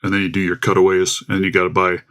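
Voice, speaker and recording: This man hosts a casual livestream from home on a desktop USB mic, chatting, rambling, and greeting viewers by name. His voice is deep and a bit bright, and he speaks fast with a completely flat delivery.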